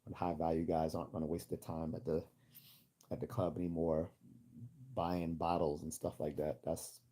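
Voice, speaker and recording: A man from Baltimore, USA, hosts a livestream, chatting casually and rambling with many restarts as he answers comments in the chat. He has a dark bass voice, a level tone and normal speed.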